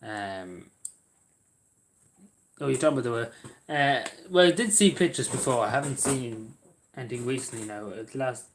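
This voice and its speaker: A man's voice: mid-range voice, moderate pace, noisy background. A man chatting casually to his livestream viewers, rambling and hesitant with many fillers and restarts. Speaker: livestream host. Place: at home in a squeaky chair.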